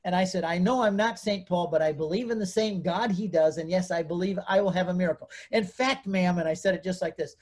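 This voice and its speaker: A man's voice: high voice, fairly quick, hardly any pauses, darkish tone. A man telling a personal story as a guest in an interview, acting out the voices of the people he quotes. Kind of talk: animated storytelling.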